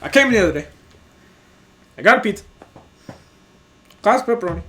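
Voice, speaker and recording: A man's voice: high voice, lively intonation, pushed and bright, voice pushed up. A young man imitating a pushy customer. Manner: slow, pushy speech. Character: rude adult male pizza customer demanding refunds.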